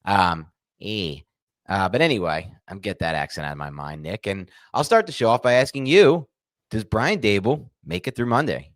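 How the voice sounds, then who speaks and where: A man hosting a sports podcast, talking in an animated, jokey way. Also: lowish voice, no room sound, clean studio sound. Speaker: podcast host.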